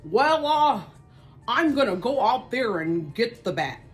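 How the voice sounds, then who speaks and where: A woman voicing her seventy-seven-year-old father, a former Marine, speaking slowly in a lowered voice. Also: big pitch swings, soft background music. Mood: determined.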